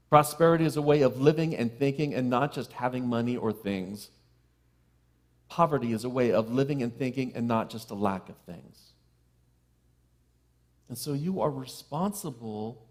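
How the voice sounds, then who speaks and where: A middle-aged man, a minister, giving a sermon to a live congregation, with playful self-deprecating asides and a soft hush on key phrases. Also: medium pitch. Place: church sanctuary with live congregation.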